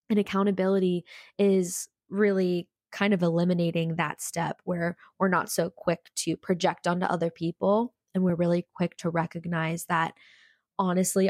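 A woman hosting a casual self-help podcast. She is sick with a cold and talks in an energetic, peppy way close to the mic, with frequent mild slang. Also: lowish voice, no echo. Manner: energetic, peppy, says frickin' a lot. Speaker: podcast host. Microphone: studio podcast mic.

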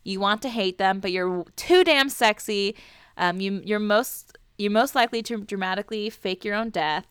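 A woman's voice: mid-range voice, moderate pace, a bit bright, clear, resonant tone, dry recording, clean studio sound. A woman co-hosting a podcast in casual chat, crude and playful, laughing often. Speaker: podcast co-host.

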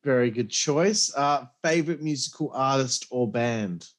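A man's voice: mid-range voice, a little slow. A man hosting an interview, asking casual questions and answering with short, upbeat remarks. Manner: upbeat, short affirming replies. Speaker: interview host.

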